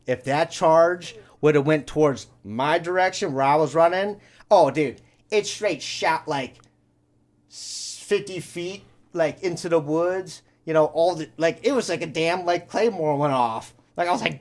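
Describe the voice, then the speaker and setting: A podcast host spins a story in loose, rambling fashion, peppering it with "you know" and swear words. His voice is a man's, pitched a bit on the high side. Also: measured pace. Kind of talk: casual storytelling.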